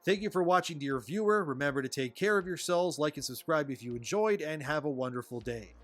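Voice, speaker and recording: A man delivering a scripted commentary with plenty of sarcasm and weary exasperation. His voice sits slightly higher than most men's, and faint music plays underneath. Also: a little fast. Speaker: commentary video narrator.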